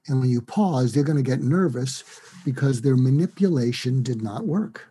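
A man, a psychiatrist, explaining a technique as an interview guest, animated and acting out bits of sample dialogue. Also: medium pitch, moderate pace, breathy edge.

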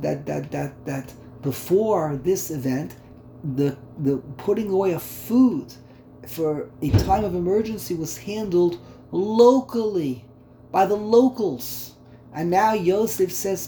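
Guy teaching a text study class, thinks out loud, mellow voice, kinda echoey room. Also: high voice. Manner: thinking aloud, repeating words, stopping to puzzle over terms. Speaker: Torah teacher. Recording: echoey room, faint background hum.

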